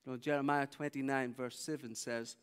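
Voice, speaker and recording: A man preaches a sermon in a large church hall, telling stories and animatedly acting out the people in them. His mid-range voice is brisk, clear and resonant, echoing in the big space.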